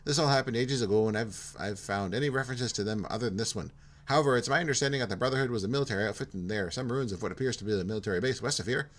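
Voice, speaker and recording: A man's voice: mid-range voice, very fast, lightly acted. A man doing a chatty Minnesota-turned-Irish tech guy. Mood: friendly, chatty. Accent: Minnesota sliding into Irish. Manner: chatty, eager to explain. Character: friendly talkative male vault computer tech.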